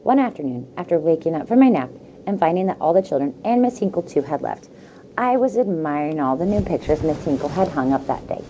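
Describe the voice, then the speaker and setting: A woman teacher reading a children's chapter book aloud to her students. Her voice sits low and sounds warm and mellow. She tells the story gently and stops now and then for casual recaps. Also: lively intonation, slight background noise, low-quality recording. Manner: slow, gentle storytelling with asides to the class.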